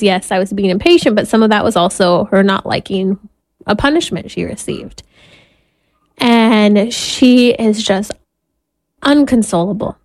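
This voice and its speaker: A woman in her thirties, a Catholic mother, telling a candid personal story in an earnest way and laughing at herself now and then. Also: mid-range voice. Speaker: Catholic mother and podcast host.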